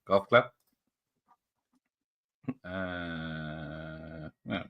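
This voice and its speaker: A man's voice: rumbling low, fairly even intonation, very slow, muffled recording. A man chatting casually and joking on a movie watch-party stream, laughing often. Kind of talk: casual chat.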